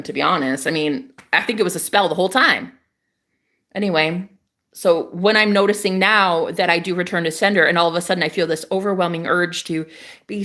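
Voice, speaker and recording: This young woman's voice is medium in pitch with a sharp tone. In her casual spiritual vlog she rants with fire and emphasis, swears freely, and hammers points home by repeating them.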